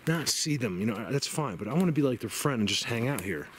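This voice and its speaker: A man's voice: mid-range voice, expressive, fast, a little hiss or hum. A man vlogging while hiking in snowy mountain woods, out of breath, chatty and rambling, laughing often. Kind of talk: outdoor hiking vlog.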